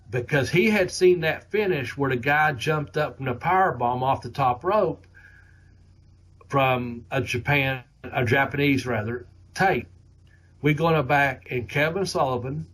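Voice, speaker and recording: A man's voice: medium pitch, fairly bright tone. A middle-aged man hosting a podcast, telling rambling, heavily profane stories in a casual way. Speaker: podcast host. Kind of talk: casual storytelling.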